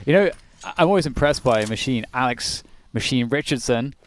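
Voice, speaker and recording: A man's voice: mid-range voice, expressive, a little fast. Dry, wordy male esports caster. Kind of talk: mock-grand play-by-play commentary.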